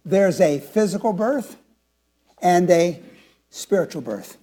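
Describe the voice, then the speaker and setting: A seventy-year-old pastor preaching a sermon in a notably high-pitched voice. He asks the congregation questions and swings from hushed, confiding moments to emphatic declarations. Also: animated, slow pace. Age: 70s.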